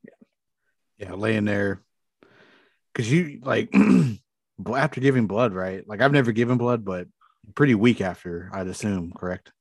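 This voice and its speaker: A man's voice: on the low side, measured pace, pauses often, no echo. A man hosting a casual chat, who chimes in with short agreements and follow-up questions.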